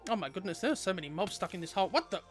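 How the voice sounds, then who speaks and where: Young male streamer, playful and chatty, high lively voice. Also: very fast, soft background music. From Australia. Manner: chatty, playful, talks to viewers. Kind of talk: casual gameplay livestream chat.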